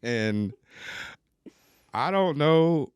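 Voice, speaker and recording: A man's voice: a little high, lively intonation, extremely slow, clean tone, no echo, studio quality. A man hosting a recovery podcast, telling his own story in a candid, loose and chatty way. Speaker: podcast host. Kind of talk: casual recovery podcast conversation.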